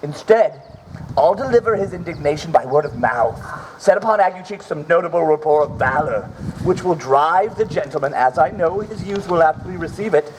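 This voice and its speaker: Man doing a rowdy scheming old knight, booming stage voice, slightly high voice, faint outdoor hiss. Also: lively intonation, normal speed, natural voice. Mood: plotting. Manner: declamatory, booming stage delivery. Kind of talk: outdoor Shakespeare stage acting.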